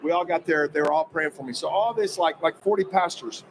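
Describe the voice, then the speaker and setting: A man telling an animated story about a personal experience, acting out quoted dialogue with emphatic energy. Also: on the high side, a little fast, a crowd in the background, rough recording. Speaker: guest recounting a personal experience.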